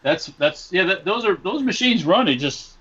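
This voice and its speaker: Rambling male co-host, lively pitch. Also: slightly rough, lo-fi sound. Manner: rambling, halting, many fillers. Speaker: podcast co-host. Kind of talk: casual podcast chat.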